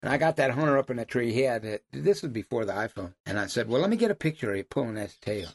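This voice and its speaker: A middle-aged man, a hunting guide, telling stories in casual chat with loud, high bursts when he quotes people. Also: quick pace. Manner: animated yarn-spinner, loud high bursts when quoting.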